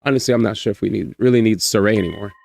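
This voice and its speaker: A man's voice: fairly low pitch, very fast, vocal fry, darkish tone. A man streaming a visual novel, reading its lines aloud and joking in laid-back chat.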